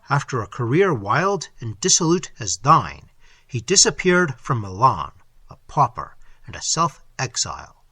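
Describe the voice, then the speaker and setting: A man voicing a mysterious, calm foreign sage who speaks in a solemn, measured, archaic way. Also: medium pitch, slightly rough, no echo, full character voice. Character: mysterious foreign male sage, deep-voiced, calm, ominous.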